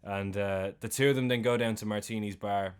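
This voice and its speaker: A young man with an Irish accent talks through a film's plot for a podcast, his voice sitting a little low. He retells each scene with energy, slang and the odd swear word. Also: fairly even intonation, fairly quick, clean tone. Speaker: podcast co-host. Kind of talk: casual film recap chat.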